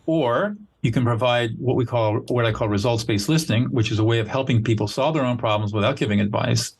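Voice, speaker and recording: With a mid-range, gravelly voice that has a breathy edge, an older mediator and trainer talks fairly quickly as an interview guest. He earnestly walks through his method in conversation, teaching as he goes and acting out sample lines.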